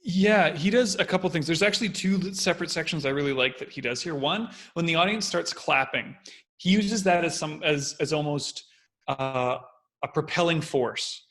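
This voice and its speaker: Bright-voiced man breaking down a speech. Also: fairly high pitch, normal speed. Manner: animated, explaining step by step. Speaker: co-host. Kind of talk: casual analytical chat.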